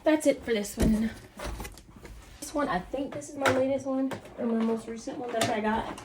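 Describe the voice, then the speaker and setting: A woman vlogger chatting casually and gushing excitedly while unboxing a sewing machine. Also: on the high side, moderate pace, heavy background noise.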